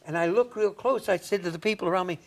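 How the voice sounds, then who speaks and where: A man's voice: high voice, fast talker, creaky. A man in his seventies from Indiana, a comedian telling folksy stories in an interview, chuckling and adding "see?" as he goes. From Indiana, USA. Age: 70s. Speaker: comedian guest. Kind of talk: anecdotal storytelling in an interview.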